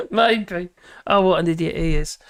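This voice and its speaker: A woman's voice: medium pitch, fairly bright tone, no echo, clean studio sound. A tired woman, rambling and grumbling in casual chat while reading out comments on her live stream.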